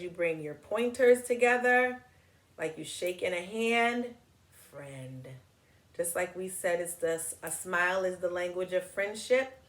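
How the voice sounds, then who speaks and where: Slow, patient woman reading to kids. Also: lowish voice, reverberant. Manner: slow, patient, teaching words and signs. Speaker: children's story reader and teacher. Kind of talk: reading a picture book aloud to children.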